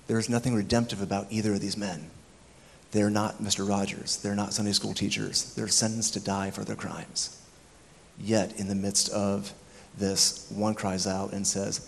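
A man's voice: on the low side, level tone, normal speed, creaky, a little hiss or hum. A man preaching a sermon, reflective, acting out the words of the people in his story. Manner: reflective, acts out the thieves' words. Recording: long hall reverb, faint ambience.

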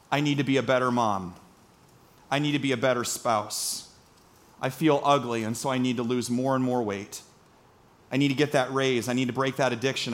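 A man's voice: mid-range voice, fairly bright tone. A man in his thirties from Iowa preaching a sermon, earnest and storytelling, asking the congregation questions. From Iowa, United States. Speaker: pastor.

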